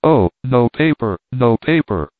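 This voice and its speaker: A man's voice: medium pitch, expressive, measured pace, no room sound, natural voice. Old miserly merchant, whining and wheedling, read by a male narrator, thin phone-like audio. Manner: whining, pleading. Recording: dry tinny phone-like sound.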